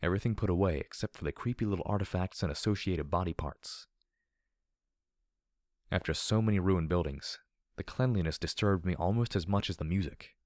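A man narrating an audiobook of dark fan fiction in a steady, measured storytelling voice. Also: sits low, no room sound, studio quality.

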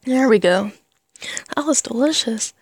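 A woman's voice: a little high, animated, unhurried, husky, no room sound. A woman talking casually in an ASMR eating clip, giggly and hesitant with many fillers. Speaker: ASMR creator.

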